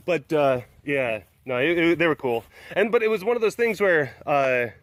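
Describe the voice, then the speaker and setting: A man's voice: fairly high pitch, lively intonation, normal speed, hardly any pauses, fairly bright tone. A man hosting his own webcast, telling a story in a casual, rambling way, self-deprecating and laughing often. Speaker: webcast host.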